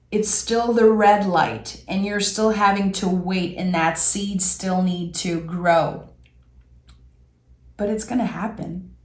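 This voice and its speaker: A woman giving an intuitive tarot reading in a gentle, reflective way, with soft pauses between her thoughts. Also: fairly low pitch, reverberant. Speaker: tarot reader.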